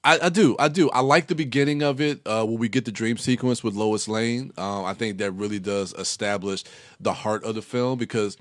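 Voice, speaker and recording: Male co-host, lowish voice, dry close recording, eager and rambling delivery. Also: brisk, dry recording. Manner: enthusiastic, rambling with many fillers. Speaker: podcast co-host. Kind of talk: casual chat.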